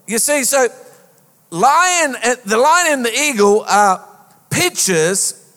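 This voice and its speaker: A man preaching a lively sermon as a pastor, with a sing-song rhetorical delivery. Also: extremely high pitch, takes it slowly. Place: church auditorium. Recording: long hall reverb.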